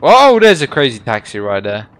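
A man's voice: mid-range voice, huge pitch swings, moderate pace, a bit bright. A young man giving casual, joking gameplay commentary as he plays, swearing and laughing at himself. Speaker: gaming YouTuber.

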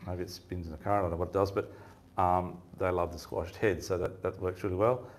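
A man's voice: sits low, flat delivery, fast talker. A man giving a fishing seminar, telling rambling stories in a casual chatty way and laughing often. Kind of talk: casual storytelling talk. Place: seminar room with audience.

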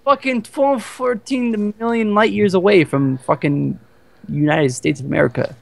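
A man's voice: high voice, fairly even intonation, normal speed, creaky, darkish tone. A man co-hosting a gaming video, swearing and teasing his teammate in casual banter over a headset. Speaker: gaming channel co-host.

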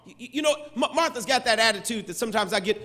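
Man preaching a sermon, high voice, big long church echo. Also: expressive, quick pace. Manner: shouting, sing-song preaching cadence with humor. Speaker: pastor. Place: large church sanctuary.

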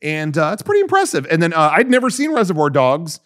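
A man's voice: fairly high pitch, wildly swooping pitch, quick pace, a bit bright. A man co-hosting a podcast in casual chat, rambling with lots of fillers and restarts. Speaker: podcast co-host.

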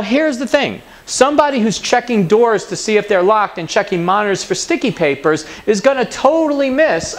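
A man giving a conference talk, telling an anecdote and mimicking the people in it. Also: sits high. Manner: animated storyteller, mimics other people's voices in anecdotes. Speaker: conference speaker. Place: conference hall.

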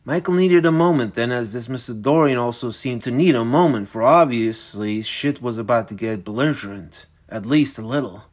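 A man's voice: medium pitch, moderate pace, hardly any pauses. A man reading his own crime novel aloud, telling the story in an intense, gritty way. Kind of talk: dramatic audiobook narration.

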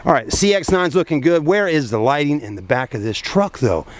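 A man's voice: on the high side, brisk. Man, tired car vlogger, folksy and chatty, mid-range voice, camera mic. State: hot and tired after a long day. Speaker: car reviewer filming at a dealership. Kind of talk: casual walkaround car review. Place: outdoors at a car dealership at night, then inside a car.

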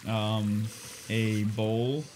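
A man's voice: lowish voice, level tone, very slow, darkish tone, slight background noise. A young man co-hosting a casual let's-play, rambling and joking with a friend and laughing often. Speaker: co-host of a gaming channel.

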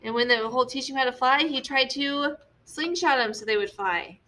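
Young female teacher, bright voice, patient step-by-step classroom explainer. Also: high voice, normal speed. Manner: patient, explains step by step with frequent "okay?" checks. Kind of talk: classroom lesson on story structure.

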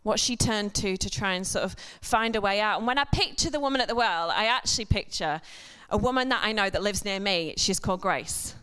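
A woman's voice: mid-range voice, fairly quick, few pauses, sharp tone, clear, resonant tone. A woman giving a chatty sermon in church, full of humorous asides and self-deprecating jokes. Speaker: church speaker. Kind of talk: conversational sermon. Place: church service before a congregation.

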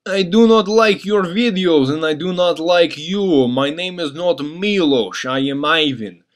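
A man's voice: on the high side, natural voice. A man doing a stern mock-Russian tough guy. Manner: exaggerated mock Russian accent, slow deliberate delivery. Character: stern stereotyped Russian man, blunt and proud.

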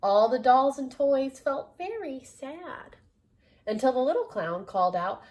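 A woman's voice: high-pitched, sing-song, a little slow, darkish tone. A woman reading a children's storybook aloud, adding laughing asides to her listeners. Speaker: storybook reader.

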